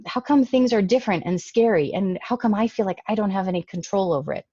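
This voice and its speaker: A woman's voice: medium pitch, fast talker, warm tone, slightly rough, dry recording, muffled recording, lightly acted. A woman voicing an anxious child who asks plaintive questions about why things feel unfair. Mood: distressed.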